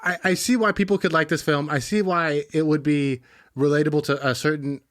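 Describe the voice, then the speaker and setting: A man's voice: a little high, fairly even intonation, fairly quick. A young man co-hosting a podcast in casual chat, joking and throwing mock insults. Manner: teasing, jokey, mock insults. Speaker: podcast co-host.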